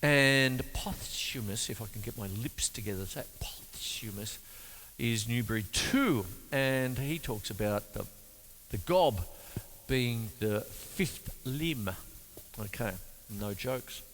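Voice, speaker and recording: Joking drum teacher, lively voice. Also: male voice, mid-range voice, takes it slowly, slight background noise. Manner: joking, chatty, counts rhythms aloud. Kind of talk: jokey drum lesson with spoken counting. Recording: reverberant room with drum music.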